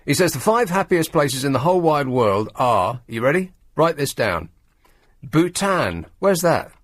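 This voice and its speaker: A man holds forth on talk radio with a sardonic, grumbling wit. His pitch swoops lively up and down as he mocks his subject. The studio sound is dry and close. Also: unhurried, dry recording. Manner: sardonic, grumbling, mocking asides. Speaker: radio show host. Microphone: studio microphone.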